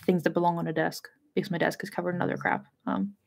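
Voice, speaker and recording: A woman's voice: on the low side, flat delivery, fast talker, creaky. A woman hosting a casual livestream book discussion, rambling and chatty, full of filler words and casual swearing. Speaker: host of a book discussion channel.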